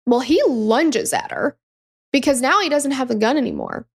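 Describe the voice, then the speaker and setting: A woman's voice: high voice, huge pitch swings, moderate pace, creaky, husky. A woman hosting a true crime podcast, telling the story in a casual, emphatic way and swearing freely.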